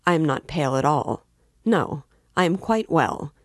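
A woman's voice: deep voice, a little slow, vocal fry, a little mellow, no echo, studio quality, full character voice. A woman reading aloud voices a tense, defensive young male student who covers his nerves. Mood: strained. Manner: guarded, feigning irritability.

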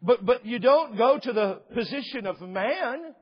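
A man's voice: extremely high pitch, expressive, measured pace, husky. A man preaching a sermon as a pastor, impassioned and emphatic, repeating phrases for effect, on a slightly dull recording.

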